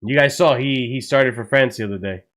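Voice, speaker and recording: A man hosting a live football watchalong stream, excitable and swearing a lot, with loud outbursts at big moments. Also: mid-range voice, a little fast. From United States. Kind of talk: live match reaction stream.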